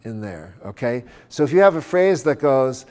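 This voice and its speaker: A man's voice: mid-range voice, very animated, moderate pace, darkish tone. A man lecturing at a conference on church music. He explains step by step, keeps checking in with "okay?", and breaks into short sung chant examples. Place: conference center.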